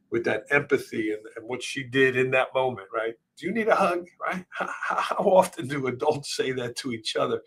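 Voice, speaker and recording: A middle-aged man, hosting a live podcast and telling a personal story, emotional and halting, with many fillers and restarts. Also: mid-range voice, vocal fry, fairly bright tone. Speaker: podcast host.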